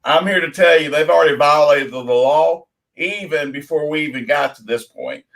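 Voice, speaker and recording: A man's voice: fairly high pitch, normal speed, creaky, a bit bright. A man co-hosting a casual political chat, speaking emphatically and addressing the listeners as folks. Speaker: co-host.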